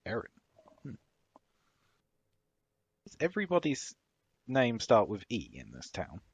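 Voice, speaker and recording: Low husky guy roleplaying, blunt, dry mic. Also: big pitch swings, normal speed, dry recording. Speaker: player. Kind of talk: in-character tabletop role-play.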